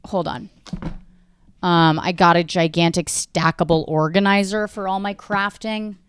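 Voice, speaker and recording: A woman's voice: fairly low pitch, steady tone, a little slow, clear, resonant tone, no room sound. An American woman in her thirties hosting a podcast, rambling through a casual solo monologue, self-mocking and swearing often. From United States. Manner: talks to her dog mid-show. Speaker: podcast host.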